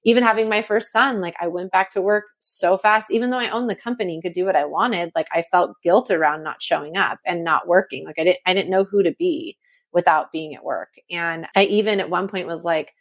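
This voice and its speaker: A woman in her thirties from California talks casually as a podcast guest. Her voice sits on the low side. She keeps dropping in "like" and acts out her own past remarks in a raised voice. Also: brisk. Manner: chatty, heavy use of "like", acts out quotes in a raised voice. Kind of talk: casual conversational interview.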